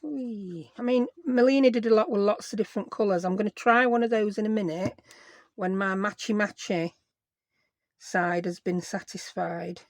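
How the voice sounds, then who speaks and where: A woman's voice: mid-range voice, fairly even intonation, normal speed, dry recording. Chatty woman crafting. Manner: chatty, self-deprecating, talks to herself while working. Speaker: craft channel host. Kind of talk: casual crafting vlog.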